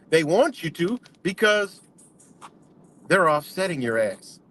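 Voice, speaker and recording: Profane ranting man, high-ish voice. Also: sing-song, slow pace, a bit bright, a little hiss or hum. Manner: profane, heated, emphatic. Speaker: vlogger. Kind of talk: heated casual rant.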